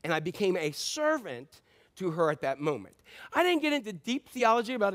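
Preaching with a very high-pitched, very animated voice, this middle-aged man moves at a quick pace. He tells his sermon stories in a conversational style, alternating booming emphasis with hushed asides.

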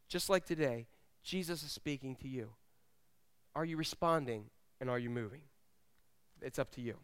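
A male pastor preaches a sermon at a church service in a smooth, medium-pitched voice at normal speed. He tells stories animatedly, acting out the voices of the people he quotes.

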